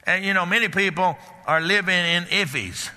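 Folksy older preacher in a reverberant hall. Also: male voice, sits high, bright, forceful tone. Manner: folksy, halting with restarts and fillers. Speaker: pastor. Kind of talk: sermon.

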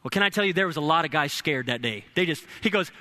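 A young adult man preaching a sermon as pastor, lively and humorous, building at times to shouting. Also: a little high, quick pace. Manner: energetic preaching with humorous asides.

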